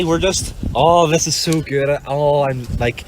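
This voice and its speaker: A man, gushing excitedly in a voice note sent from a sailing boat at sea. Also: a little high, a little slow, few pauses. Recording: phone voice note with clear sea noise.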